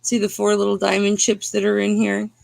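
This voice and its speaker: A woman's voice: mid-range voice, monotone, a little fast, creaky, darkish tone, no room sound. A woman hosting a live jewelry auction in a casual, chatty, teasing way, talking to viewers by name. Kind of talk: casual live-stream selling chat.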